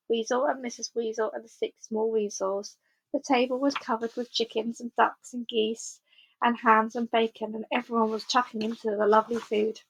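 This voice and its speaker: A woman reading a children's book aloud, telling the story in a clear, measured way. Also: mid-range voice, a bit bright, poor audio. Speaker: storybook reader.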